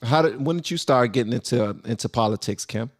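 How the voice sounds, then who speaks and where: A man's voice: medium pitch, fairly quick. A man hosting a casual live stream and talking loosely, with many fillers and restarts.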